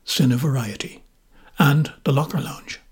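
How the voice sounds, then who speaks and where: A man doing a wry, husky Dublin man. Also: fairly high pitch, lively intonation, fairly quick, a little mellow. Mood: amused. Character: Dublin man, middle-aged civil servant, genial.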